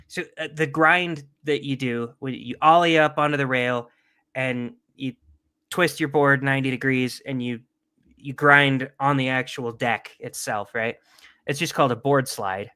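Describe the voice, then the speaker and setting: A man's voice: mid-range voice, fairly even intonation, a little slow, sharp tone, smooth. Male podcast host, casual, profane, rambling, mid-range voice. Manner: rambling, profane, joking asides. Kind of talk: casual livestream chat.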